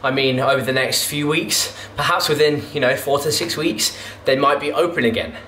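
A man's voice: mid-range voice, normal speed. A young man, a fitness vlogger, chatting casually and rambling between sets in his home garage gym, often correcting himself. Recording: echoey garage with loud background noise.

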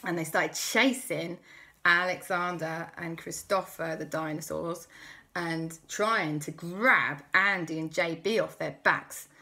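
A woman's voice: lowish voice, slow. A woman host telling a playful, improvised children's story. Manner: playful, lively, many character voices.

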